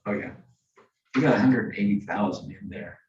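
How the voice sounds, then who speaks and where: A man's voice: on the low side, moderate pace, darkish tone, highs cut off. A man on a redistricting commission directing a mapping session, with dry sarcastic asides, recorded in a roomy meeting room from a distance. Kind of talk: working meeting discussion.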